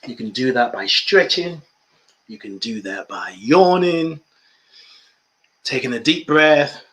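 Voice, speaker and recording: A man's voice: medium pitch, expressive, slow, fairly bright tone. A man hosting a spiritual coaching podcast, emphatic and repeating key phrases, with playful asides. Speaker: life coach and podcast host.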